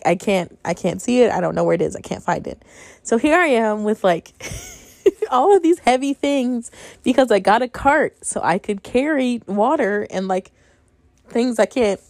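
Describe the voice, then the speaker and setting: This podcast host is a woman in her twenties with a fairly high but darkish voice, recorded with no room sound. In a casual solo monologue, she tells her own stories frankly and with some exasperation, often breaking into laughter.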